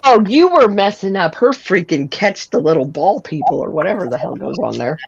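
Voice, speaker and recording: A woman's voice: on the low side, expressive, a little fast, gravelly. A woman chatting casually late at night, rambling and giggling, with lots of filler words. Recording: dull lo-fi sound.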